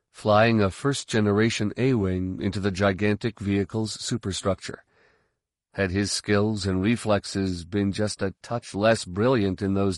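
A man reading an audiobook in a steady, measured narration. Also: fairly low pitch, no echo, clean studio sound. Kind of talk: scripted narration.

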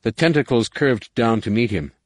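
A man reading an audiobook in a measured, dramatic narration. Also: mid-range voice, expressive, no room sound, studio quality. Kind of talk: scripted narration.

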